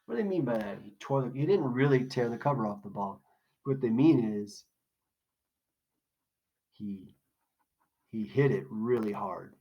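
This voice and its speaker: A man walks through a poem in a recorded lesson. He talks casually, poses questions and then answers them himself, at a middle pitch. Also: animated, measured pace, long pauses, highs cut off. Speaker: teacher. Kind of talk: recorded classroom lesson walkthrough.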